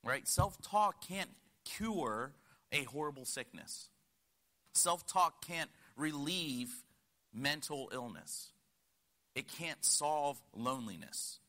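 A man in his thirties from Connecticut preaching a sermon, telling stories earnestly, rising to emphatic points and dropping to quiet asides. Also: fairly high pitch, expressive, slow pace. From United States (Connecticut). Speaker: guest preacher.

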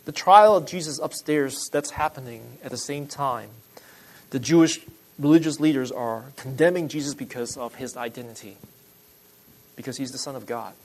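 A male pastor delivers a sermon, talking through scripture in a conversational way with restarts, building to urgent emphasis before dropping into quiet asides. His voice is mid-range and his speed normal, though the audio is poor.

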